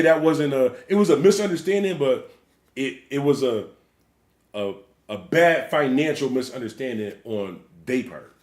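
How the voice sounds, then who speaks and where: A DJ hosting a livestream rants bluntly and swears a lot. His voice is mid-range with a darkish tone, and the recording has a roomy echo.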